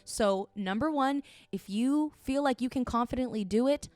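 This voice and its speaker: A woman's voice: fairly high pitch, moderate pace, darkish tone, no echo. A woman actress answering viewer questions in an advice vlog, speaking in an earnest, encouraging, direct way.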